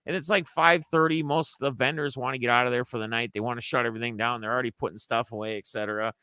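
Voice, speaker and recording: Young man, bright crisp voice, dry close sound, rambling casual story. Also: medium pitch, steady tone, rapid-fire, no echo. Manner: rambling, acts out friends' lines in raised voices. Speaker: sports card collector vlogger.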